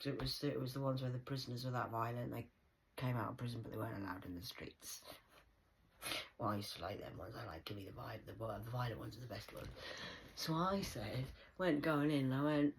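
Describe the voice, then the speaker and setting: A woman who used to be a support worker, telling a work story in a lively, profane way. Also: very deep voice, fairly quick, a little hiss or hum. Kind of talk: storytime vlog.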